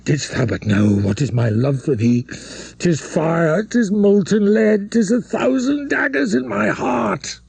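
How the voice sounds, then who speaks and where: A man voicing an obsessed middle-aged priest who begs passionately in old-fashioned speech, with a husky voice. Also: sits high, lively intonation, unhurried, a little mellow, voice pushed up, heavily acted. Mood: pleading. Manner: passionate, begging, archaic speech.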